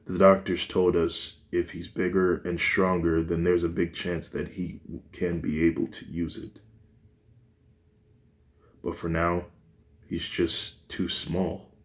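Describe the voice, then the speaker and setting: A caring father from a homemade storybook reading, read by a man. He speaks calmly and reassuringly, slow and deep, with little rise and fall in pitch. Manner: calm and reassuring.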